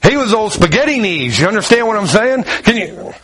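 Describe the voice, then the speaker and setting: High-voiced animated man preaching. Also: fairly quick, slightly rough, low-quality recording. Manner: animated storytelling, acts out the characters' lines; walks around while preaching. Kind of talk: sermon.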